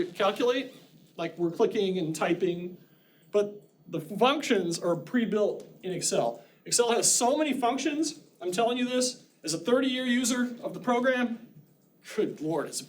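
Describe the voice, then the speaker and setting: A man's voice: high-pitched, slight background noise. A middle-aged man teaching a college class, lecturing in a chatty way with joking asides. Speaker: college instructor.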